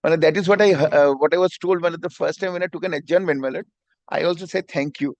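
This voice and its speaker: A male advocate argues before a judge at a brisk clip. His voice sits high and carries a gravelly fry. He is deferential, and the courtroom sound is dry and close. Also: steady tone, no echo, muffled recording. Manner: deferential, repeats "my lord" constantly. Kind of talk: courtroom argument.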